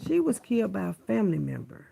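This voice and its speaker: A woman's voice: medium pitch, sing-song, quick pace, gravelly, slight background noise. A woman vlogger in a casual, unscripted rant to camera, blunt and profane, who keeps repeating her points. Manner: coos softly at her dogs in between.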